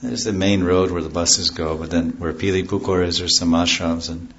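A low-voiced spiritual teacher gives a rambling devotional lecture to a class, his intonation fairly even and his speed normal, on dull audio. He digresses into stories and loses the thread, and he explains chanted scripture terms in plain words.

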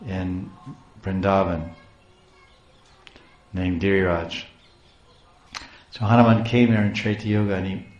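A man preaching a sermon, retelling a devotional story with animated, emphatic storytelling. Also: fairly low pitch, highs cut off. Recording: roomy echo.

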